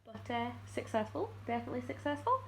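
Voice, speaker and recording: A woman's voice: fairly high pitch, very animated, fast talker, vocal fry, slight background noise. A woman talking casually to camera in a vlog, chatty and laughing often, cooing at her dog. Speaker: vlogger.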